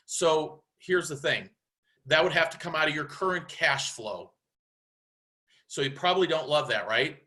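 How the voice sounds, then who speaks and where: Man, bright forceful voice, animated coaching talk, slightly high. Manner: animated, acts out quoted dialogue. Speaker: real estate coach. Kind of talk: casual sales coaching talk.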